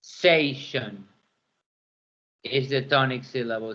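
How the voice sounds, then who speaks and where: A man's voice: mid-range voice, measured pace, sharp tone. A man teaching an English pronunciation lesson, repeating words to model their stress. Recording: dull lo-fi classroom recording.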